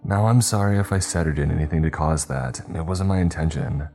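A man's voice: a bass voice, a little fast, dark tone, soft background music. A man voicing a wary young woman store worker, who sounds cautious and defensive.

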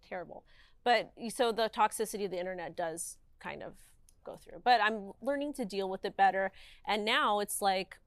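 A woman's voice: medium pitch, normal speed, clear, resonant tone, no echo. A woman in her thirties, a guest in an interview, talking candidly and emphatically, with lots of "like" and quoted asides. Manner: emphatic, animated, heavy use of "like".

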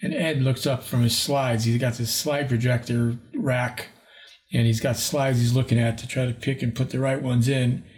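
Older guy in his 60s rambling thru a story, mid pitch, doing little voices for people. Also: fairly even intonation, moderate pace, a little mellow. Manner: rambling, acts out quoted voices. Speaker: paranormal investigator guest. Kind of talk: storytelling in an interview.

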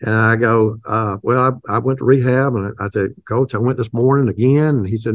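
An older man, a company founder, telling a folksy, halting story in an interview, with many restarts. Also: medium pitch, no room sound, clean studio sound.

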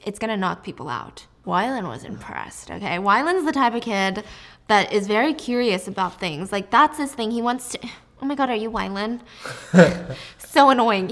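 A young woman recapping a story in a casual, jokey and animated way. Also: mid-range voice. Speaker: book recap host.

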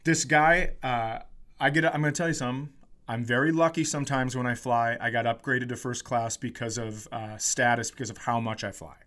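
Animated man telling a comic story. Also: medium pitch, a little fast. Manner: animated storyteller, acts out quotes, giggles. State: tired and hungover during the story. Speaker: comedian podcast co-host. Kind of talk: casual storytelling chat.

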